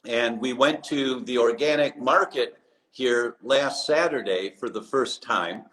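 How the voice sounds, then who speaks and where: A man's voice: medium pitch, measured pace, a little hiss or hum, low-quality recording. A man guest in a live interview, telling stories animatedly and acting out the people he quotes. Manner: animated storytelling with quoted voices. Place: abroad, remote live session.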